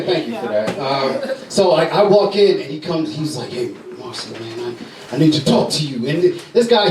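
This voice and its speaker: A young man works through a loose stand-up set, swearing freely and padding his lines with filler words. His voice sits a little high. He is caught from far back in an echoey club, with the audience laughing all around him. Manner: loose, rambling, profane, many fillers. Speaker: stand-up comedian. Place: comedy club stage.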